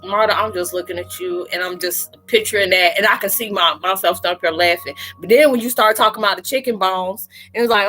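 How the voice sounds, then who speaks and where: Bright-voiced woman chatting and laughing. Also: mid-range voice. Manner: laughs often, tells animated stories, talks loosely and playfully. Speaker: live chat host. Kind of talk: casual live-stream chat.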